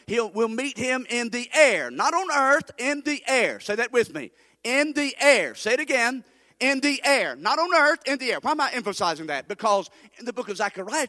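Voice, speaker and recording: A man's voice: high-pitched, a bit bright. A male pastor preaching an emphatic sermon and having the congregation repeat phrases after him. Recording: long hall reverb.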